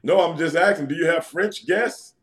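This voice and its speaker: A man from New York City talks as a podcast guest, easygoing and teasing as he throws questions back at his hosts. His voice is a touch high for a man, though it often drops low and soft. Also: moderate pace. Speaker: guest, former pro wrestler. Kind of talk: casual podcast interview.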